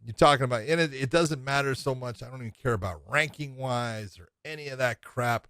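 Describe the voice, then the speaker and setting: A middle-aged man co-hosts a casual chat show, talking eagerly and circling back over his points. His voice sits at an everyday pitch. The room sounds dry and close. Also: a little fast, a bit bright, no room sound. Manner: enthusiastic, repeats phrases, swears casually. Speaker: podcast co-host. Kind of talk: casual MMA podcast chat.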